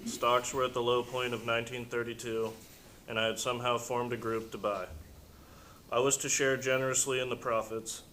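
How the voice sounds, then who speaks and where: A man in a study class reading a passage aloud in a steady, plain way. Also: mid-range voice, moderate pace, a little hiss or hum, poor audio. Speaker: class reader.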